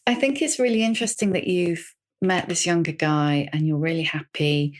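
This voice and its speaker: A woman's voice: fairly low pitch, steady tone, moderate pace. A woman hosting a podcast, a reflective interviewer who gropes for words as she thinks. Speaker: podcast host. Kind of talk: conversational interview.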